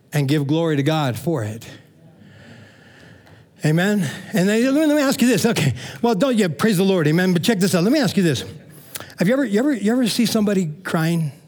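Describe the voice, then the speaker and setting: A middle-aged man preaching a sermon as pastor, telling stories in a lively, conversational way and checking in with the congregation. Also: sits high. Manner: animated storytelling, frequent "man" and "amen?" asides.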